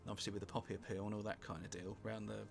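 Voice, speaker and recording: A British man casually commentating on a strategy game he is playing, rambling and wry, with sweary asides and thinking out loud. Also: fairly low pitch, level tone, very fast, gravelly. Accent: British English. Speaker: gameplay commentator. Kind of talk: casual let's-play commentary. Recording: music playing underneath.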